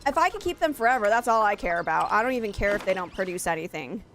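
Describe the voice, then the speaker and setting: A woman live-streaming a cozy game, talking excitedly to her chat and game animals over a headset. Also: mid-range voice, quick pace, a little hiss or hum. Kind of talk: casual live-stream chat while gaming.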